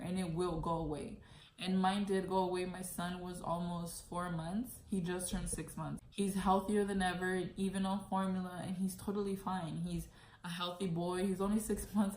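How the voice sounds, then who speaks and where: Candid young woman in an echoey room. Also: on the low side. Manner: candid, heavy use of "like". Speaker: vlogger. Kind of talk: personal story vlog. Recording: echoey room, faint noise.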